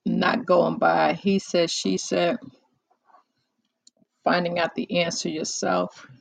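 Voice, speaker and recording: A host of a live call-in talk show chatting casually into a close microphone, unhurried and musing, with many pauses and fillers. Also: medium pitch, flat delivery, creaky, no room sound.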